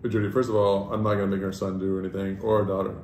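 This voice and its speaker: Male co-host, loud and animated, swears freely; echoey room, faint hiss. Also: deep voice, very fast. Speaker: podcast co-host. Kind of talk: casual chat.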